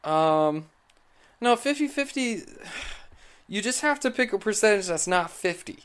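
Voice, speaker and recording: A young man with a slightly raised voice hosts a loose sports podcast. He teases his co-host, laughs easily and keeps the banter animated. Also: high voice, clean tone. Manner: teasing, animated, quick laughs. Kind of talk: casual chat.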